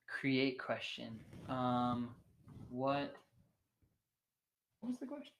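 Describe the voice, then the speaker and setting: A young man hosting a worship livestream in casual chat, excitable and thinking aloud with plenty of fillers. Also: medium pitch, very slow, slight background noise.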